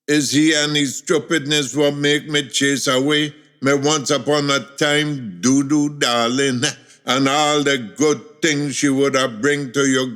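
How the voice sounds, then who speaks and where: A slow, rueful old grandfather with a lilt, as a man puts him on. He speaks a little lower than an everyday man, drawing out each line as he broods over lost love. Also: fairly bright tone. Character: old Caribbean grandfather, wistful and lovesick.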